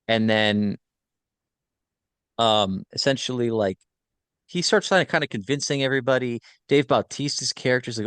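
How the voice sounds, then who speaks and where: A man casually recapping a film plot on a podcast, rambling with many fillers and quick self-corrections. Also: lowish voice, a bit bright, no room sound. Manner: rambling, filler-heavy retelling. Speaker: podcast host.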